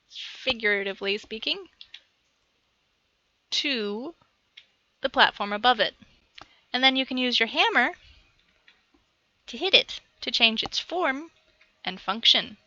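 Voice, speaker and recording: A woman's voice: on the high side, pushed and bright, highs cut off. A woman chattily narrating a video game tutorial from her computer at home, talking aside to her cat as she plays. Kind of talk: rambling gameplay tutorial.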